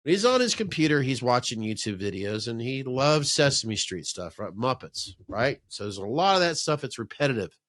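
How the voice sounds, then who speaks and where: A man's voice: mid-range voice, sing-song, normal speed, few pauses, fairly bright tone, dry recording, clean studio sound. A man hosting a podcast, telling rambling, profane stories in casual chat. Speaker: podcast host. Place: man-cave podcast room.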